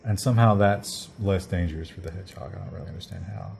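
American dude cohosting a news chat, lowish voice, dry jokes. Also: male voice, quick pace, gravelly, darkish tone, slight background noise. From United States. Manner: wry, joking asides. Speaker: podcast co-host.

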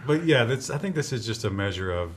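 A man's voice: medium pitch, very animated, fast talker, a little hiss or hum. A man co-hosting a podcast, talking casually and skeptically, often restarting his sentences. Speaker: podcast co-host. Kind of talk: casual chat.

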